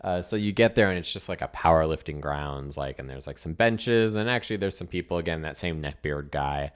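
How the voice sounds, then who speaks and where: A man with a very low, deep voice runs a tabletop game as its game master. He rambles as he narrates, filling the gaps with many fillers. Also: fairly quick, clear, resonant tone.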